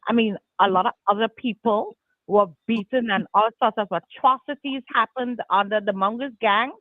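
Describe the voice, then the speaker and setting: A woman's voice: on the high side, normal speed, no echo. A woman calling into a talk show, indignant and stammering. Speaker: caller. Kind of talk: angry phone-in call. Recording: dry tinny phone line.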